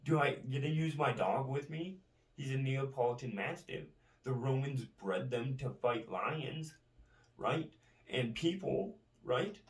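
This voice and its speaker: Slow-talking man ranting, echoey and distant. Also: mid-range voice, lively intonation. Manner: keeps tagging lines with "right?". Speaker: vlogger. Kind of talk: profane rambling monologue. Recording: roomy, distant from the mic.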